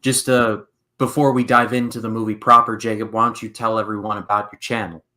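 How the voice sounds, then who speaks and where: A young man hosting a casual movie podcast, relaxed and steering the talk with a few fillers. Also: on the low side, a little fast. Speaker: podcast host.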